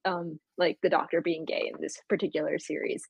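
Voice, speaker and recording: A woman co-hosting a casual fan discussion, hedging her opinions with many fillers and soft laughs. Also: low voice, flat delivery, fairly quick, creaky, slightly rough, no echo, dull audio. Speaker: podcast co-host.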